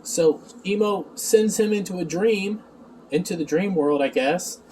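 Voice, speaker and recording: A man's voice: high-pitched, a little slow, a little mellow. A man reviewing a TV episode in a rambling, sarcastic casual recap, recorded on a distant mic with faint background noise.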